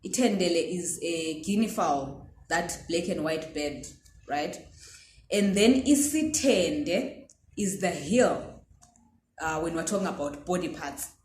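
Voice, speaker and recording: A woman's voice: fairly low pitch, expressive, slow, darkish tone, reverberant, a little hiss or hum. A woman teaching pronunciation, patiently checking in with her listeners as she goes. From Zimbabwe. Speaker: language teacher. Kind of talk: pronunciation lesson.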